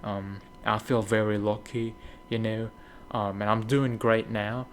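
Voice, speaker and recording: A man's voice: lowish voice, level tone, measured pace, slight background noise. A young man from Indonesia telling his life story in a rambling, candid way, dropping "right?" and "mate" and swearing often. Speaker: gaming video creator. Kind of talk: casual personal storytelling.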